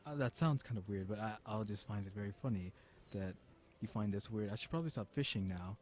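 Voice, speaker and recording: A man's voice: fairly low pitch, fast talker, a little mellow. A man casually rambling through gameplay commentary as a gaming YouTuber, chatty and full of restarts.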